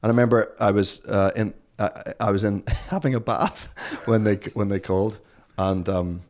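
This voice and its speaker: Low-voiced Northern Irish man telling stories. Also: steady tone, moderate pace, a little mellow. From Northern Ireland. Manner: rambling, self-deprecating, many restarts. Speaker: guest. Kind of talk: casual interview storytelling.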